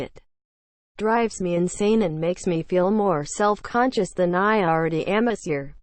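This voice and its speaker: A woman's voice: mid-range voice, a little hiss or hum. A woman reading forum posts aloud in a dry, matter-of-fact scripted narration.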